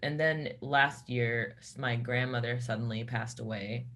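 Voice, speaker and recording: Halting woman talking with many restarts. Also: very deep voice, fairly even intonation, fairly bright tone, a little hiss or hum. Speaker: metal band vocalist. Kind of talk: casual interview talk.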